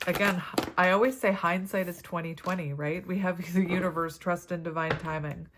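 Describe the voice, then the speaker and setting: A woman's voice: fairly low pitch, steady tone, brisk, background noise. A woman giving a tarot reading to camera, chatty and rambling, with many fillers and side stories. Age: adult parent. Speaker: tarot reader.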